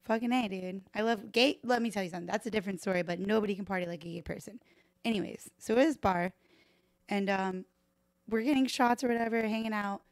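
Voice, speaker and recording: Thirties woman, bartender guest, loud and salty storyteller, dry room tone. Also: medium pitch, fast, no echo. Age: 30s. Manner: animated, profane, laughs often, acts out voices in anecdotes. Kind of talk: casual podcast storytelling. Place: podcast live stream room.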